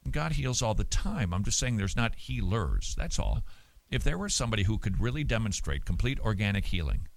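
A man hosting a show, answering listener mail in casual talk, animated and emphatic with many restarts and repeated words. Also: lowish voice, brisk, creaky, no room sound. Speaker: radio show host.

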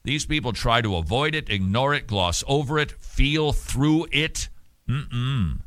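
A man's voice: mid-range voice, unhurried, fairly bright tone, no echo. A man preaching in an emphatic, punchy way, with mocking asides. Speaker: radio preacher. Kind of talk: preaching monologue.

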